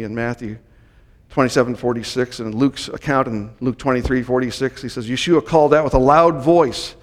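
A man delivering a Bible teaching sermon, explaining the setting of a passage step by step and lifting his voice when he reads scripture aloud. His voice sits in an ordinary middle pitch. The sound carries a long reverb from a large hall. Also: normal speed. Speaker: teacher in a Messianic congregation.

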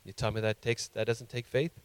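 A man's voice: mid-range voice, little pitch movement, fairly quick, clear, resonant tone. A male pastor preaching a sermon with impassioned emphasis that rises to emphatic peaks.

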